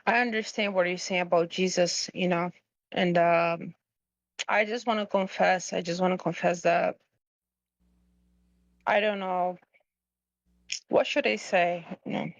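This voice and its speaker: A woman calling in, hesitant and tearful, talking haltingly with many fillers and restarts. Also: lowish voice, fairly even intonation, dry recording, highs cut off. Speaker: caller. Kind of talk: emotional call-in confession.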